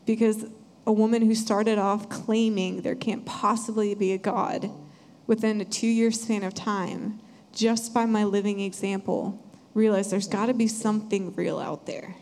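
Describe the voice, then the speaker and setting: A young woman sharing an earnest, animated church testimony. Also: mid-range voice, a little slow, a little hiss or hum. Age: young adult. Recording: hall reverb.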